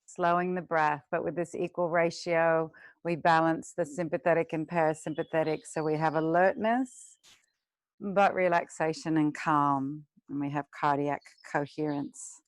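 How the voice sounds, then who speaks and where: Soothing low-voiced woman yoga teacher. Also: fairly even intonation, dry recording. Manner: slow, soothing guidance with drawn-out breath cues. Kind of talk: guided yoga and breathing instruction.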